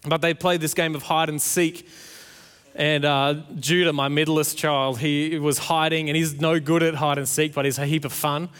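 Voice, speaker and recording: A man's voice: fairly high pitch, little pitch movement, moderate pace, a bit bright, clean tone. A man, preaching a sermon and telling a family story, acting out the playful quotes. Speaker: pastor. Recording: long hall reverb.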